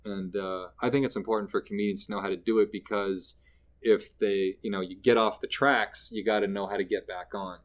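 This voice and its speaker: In a casual interview, a Canadian comedian with a lowish, brisk voice spins stories. He animatedly plays the people he's quoting right in the middle of telling them.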